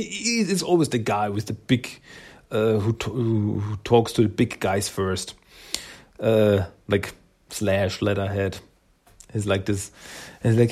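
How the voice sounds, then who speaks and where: A man's voice: fairly low pitch, darkish tone, husky. A man casually recapping a comic book's story, rambling with many fillers and acting out the characters' lines. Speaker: comic book reviewer.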